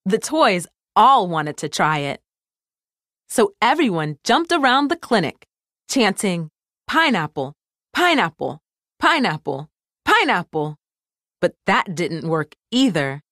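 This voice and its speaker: A woman reads a children's story aloud, slow and expressive. Her voice rises and falls widely, and the sound is dry and close. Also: mid-range voice, dry recording. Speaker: storybook reader. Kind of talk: scripted narration for children.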